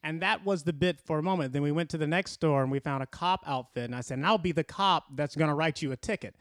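A man with a slightly higher voice talks casually, explaining things in a relaxed, steady way. The sound is dry and close. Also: quick pace, no room sound. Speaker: podcast co-host. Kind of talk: casual chat.

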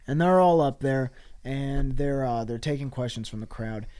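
A podcast co-host improvises a ridiculous story, swearing freely and pausing on fillers as he goes. His voice sits at an ordinary middle pitch for a man. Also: mellow, clear, resonant tone. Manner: rambling, profane, frequent fillers.

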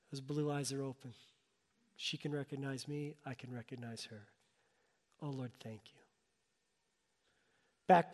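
A middle-aged male pastor with a fairly high, darkish voice preaches a sermon, sharing a personal story whose emotional intensity rises and falls. The long reverb suggests a large hall.

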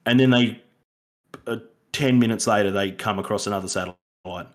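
A man chatting casually as a podcast co-host, rambling and animated, acting out lines he imagines characters saying. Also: on the low side, normal speed. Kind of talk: casual film review chat.

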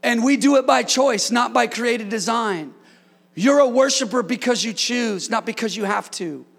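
A pastor whose voice is very high and gravelly addresses his church congregation at a moderate pace. Between key points, which he shouts for emphasis, he slips in playful jokes.

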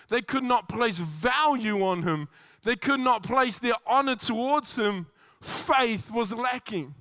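A man preaches with a strikingly high, crisp-edged voice. He acts out little bits of dialogue and often restarts his lines. The sound is close and dry, without room echo. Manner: animated, acts out quoted dialogue with repeated restarts. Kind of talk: sermon.

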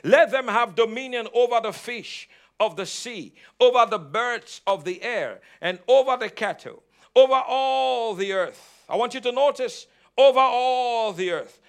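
A man preaching with a strikingly high voice, pressing each point through repetition. He leads his listeners in call-and-response, driving the sermon forward with firm conviction. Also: animated, unhurried, smooth. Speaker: pastor. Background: congregation answering amen.

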